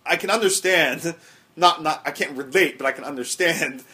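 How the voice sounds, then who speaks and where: A man with a slightly high voice tells a crude story on a podcast with a deadpan delivery. He swears freely and keeps the narration flat and matter-of-fact. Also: moderate pace. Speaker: podcast co-host.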